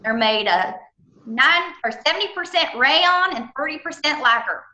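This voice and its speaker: Lady doing a folksy southern warehouse guy, bright and high, echoey room. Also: expressive, moderate pace, lo-fi sound, exaggerated voice. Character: friendly Southern male warehouse worker.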